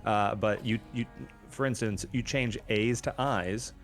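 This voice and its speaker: Male co-host, lowish voice, hesitant, filler-heavy explainer. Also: steady tone, a little slow, faint music behind. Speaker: podcast co-host. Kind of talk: casual chat.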